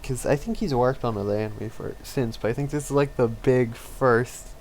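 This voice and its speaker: Male podcast co-host, relaxed and rambling, average pitch, slight background hiss. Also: normal speed, vocal fry. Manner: rambling, laid-back, with fillers and laughs. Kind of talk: casual chat.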